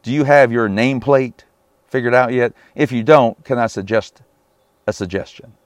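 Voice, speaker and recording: A man's voice: medium pitch, normal speed, dry recording, clean studio sound. A man preaching a sermon on a Bible passage, emphatic and often asking his listeners rhetorical questions.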